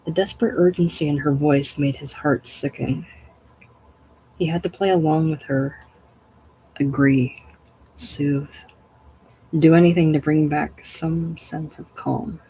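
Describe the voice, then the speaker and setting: A reader casually reading a short story aloud at home, in plain, unhurried narration. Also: medium pitch, fairly even intonation, warm tone, slightly rough, low-quality recording. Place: home, at night. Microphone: livestream microphone.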